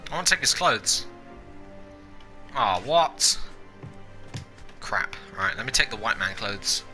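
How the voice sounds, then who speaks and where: A man with an Australian accent giving joking, excitable let's-play commentary, breaking into shouts and laughter. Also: on the low side, slow pace, faint music behind. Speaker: gaming YouTuber.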